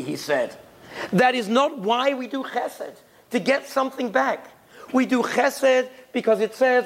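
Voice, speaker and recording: A man's voice: high-pitched, vocal fry, a little hiss or hum. A man giving a storytelling sermon, acting out the voices of the characters in his stories. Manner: tells stories, acts out the characters' voices, uses Yiddish and Hebrew terms. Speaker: speaker giving a Torah talk.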